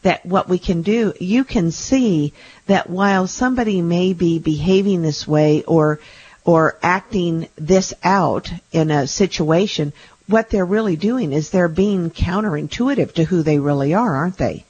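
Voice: mid-range voice, a little slow, darkish tone, breathy edge. A radio host talks at length in a chatty way and often turns statements into leading tag questions. The recording is a bit dull and lo-fi. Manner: chatty, asks leading questions ending in tags. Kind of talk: radio interview.

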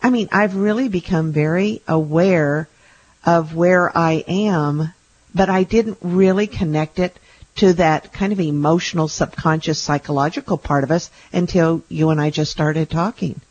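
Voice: mid-range voice, unhurried. A radio host talks at length in a chatty way and often turns statements into leading tag questions. The recording is a bit dull and lo-fi. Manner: chatty, asks leading questions ending in tags. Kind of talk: radio interview.

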